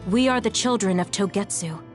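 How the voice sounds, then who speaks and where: An actress playing a soft-spoken young woman who speaks calmly and matter-of-factly in a game cutscene. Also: medium pitch, brisk, faint music behind, lightly acted. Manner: calm, matter-of-fact.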